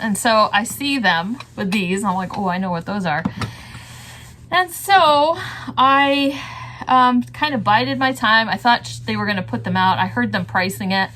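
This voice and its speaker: A woman's voice: medium pitch, a bit bright. A woman reseller chatting casually about her thrift store finds, rambling and laughing often. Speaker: reseller vlogger. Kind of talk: casual thrift haul chat.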